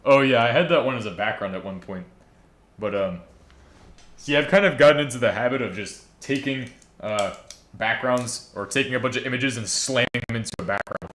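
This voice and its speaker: Joking low-voiced man streaming live. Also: fairly bright tone. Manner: joking, rambling, reads chat aloud. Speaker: livestreamer building a server. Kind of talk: casual live-stream chat with viewers.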